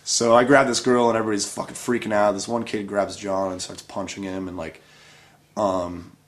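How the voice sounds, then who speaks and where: A man with a fairly low voice tells a story in an animated, profane way. He laughs along as he talks. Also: normal speed. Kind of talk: casual storytelling.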